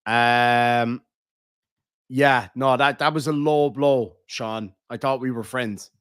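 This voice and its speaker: A man's voice: mid-range voice, fairly even intonation, slow pace, fairly bright tone, clean tone, no room sound, clean studio sound. Cork man, crude live-stream banter. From Ireland. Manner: crude, joking banter, heavy swearing. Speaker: live streamer reading chat. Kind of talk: casual live-stream chat.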